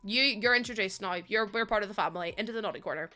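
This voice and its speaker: A woman's voice: medium pitch, racing, bright, forceful tone. A young woman streaming a game from home, chatting casually with viewers, laughing often and thanking them one by one. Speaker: live streamer. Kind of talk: casual chat with viewers while gaming. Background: faint background music.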